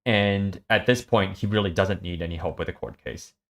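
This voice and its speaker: A man recapping and reading a web serial aloud, halting with many ums. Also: deep voice, fairly bright tone. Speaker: story reader.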